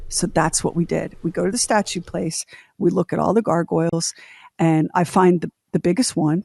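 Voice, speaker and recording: A woman's voice: fairly low pitch, brisk, vocal fry, no echo. A middle-aged woman co-hosting a podcast, telling a long story in casual chat and acting out the voices of the people she quotes. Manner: animated, acts out quoted voices. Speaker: podcast co-host.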